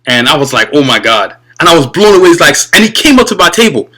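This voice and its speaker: Fast, bright-voiced enthusiastic man. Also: on the high side, big pitch swings, husky, low-quality recording. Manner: enthusiastic, rambling, addresses viewers as y'all. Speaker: video podcast host. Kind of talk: casual fan commentary.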